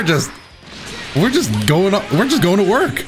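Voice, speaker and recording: A young man giving excitable, self-mocking live commentary while playing a fighting game. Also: fairly high pitch, normal speed. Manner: excitable, self-mocking, shouts at big plays. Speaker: gaming YouTuber. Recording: game music playing behind. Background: game music.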